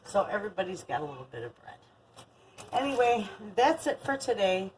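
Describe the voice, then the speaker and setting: A woman's voice: mid-range voice, sing-song, brisk, a little hiss or hum, low-quality recording. An older woman chatting casually through a home kitchen vlog, rambling and friendly. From Michigan. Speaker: homestead vlogger.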